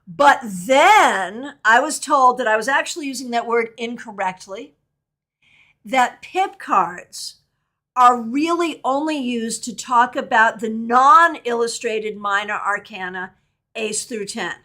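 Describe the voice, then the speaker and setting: A woman's voice: a little high, slow pace, sharp tone. A middle-aged woman teaching a live online tarot workshop, chatting candidly and answering viewer questions as she goes.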